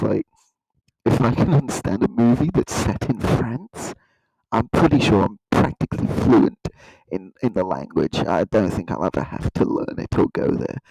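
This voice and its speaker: A man giving a mock-earnest, rambling satirical countdown in a deadpan way. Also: mid-range voice, gravelly, no room sound, poor audio. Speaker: comedy YouTuber.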